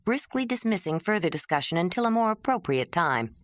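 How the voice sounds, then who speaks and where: Brief: woman audiobook narrator, low and lively, dry close mic. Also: a little fast, dry recording. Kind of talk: scripted narration.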